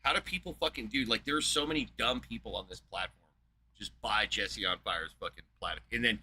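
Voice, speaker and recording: A man's voice: fairly low pitch, brisk, bright, forceful tone, slight background noise, poor audio. A man hosting a live stream, ranting with heavy profanity and scorn as he reacts to a debate. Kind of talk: heated reaction commentary.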